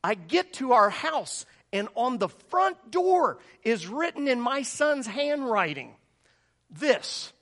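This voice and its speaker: A middle-aged man preaching a sermon, telling a story with lively, animated delivery and jumping up high when he acts out voices. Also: takes it slowly. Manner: animated storytelling, acting out voices in a much higher pitch.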